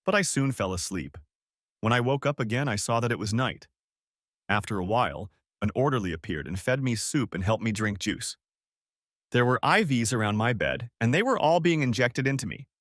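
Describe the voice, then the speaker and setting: Man, story narrator, dramatic reading, lively intonation, medium pitch. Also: moderate pace, no echo, studio quality. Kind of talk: first-person story narration.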